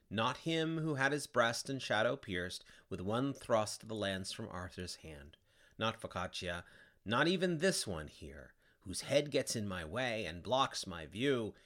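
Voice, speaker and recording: A man's voice: medium pitch, a bit bright. A man voicing a bitter male traitor whose ears froze off, spitefully naming the other damned souls, in a dramatic poetry reading. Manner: spiteful, gossiping. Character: bitter earless male traitor soul in ice.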